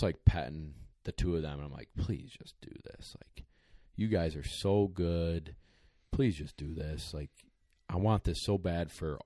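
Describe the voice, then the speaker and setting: A man's voice: low-pitched, a little mellow, dry recording, studio quality. A man co-hosting a podcast, telling a rambling, emotional story in casual chat, choking up and tearing up as he talks. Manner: emotional, rambling, choked up at times. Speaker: podcast co-host, dog trainer.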